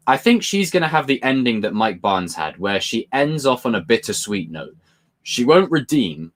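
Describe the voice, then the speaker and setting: Excitable laughing man hosting a live stream. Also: lowish voice. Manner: excitable, laughs a lot while telling stories; reads viewer questions aloud and answers them. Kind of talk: casual live-stream chat answering viewer questions.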